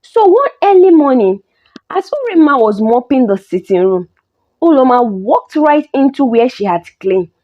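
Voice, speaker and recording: A woman narrating a folk story in an expressive storytelling way. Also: high-pitched, normal speed. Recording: dull lo-fi recording.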